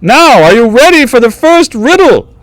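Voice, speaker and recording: A man voicing a showy male court jester who hosts a contest in a loud, booming announcer manner. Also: very animated, normal speed, exaggerated voice. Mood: theatrical.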